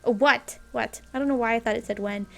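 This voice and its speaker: A woman's voice: on the high side, a little fast, creaky. A young woman streaming a game, reading its text aloud and breaking off to react with squeals and laughter. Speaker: gameplay streamer.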